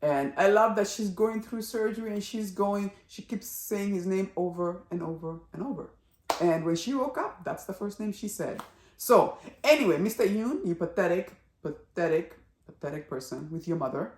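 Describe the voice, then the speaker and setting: A woman giving a casual spoken review of a drama series, chatty and animated, acting out characters' lines as she goes. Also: mid-range voice, moderate pace, echoey room.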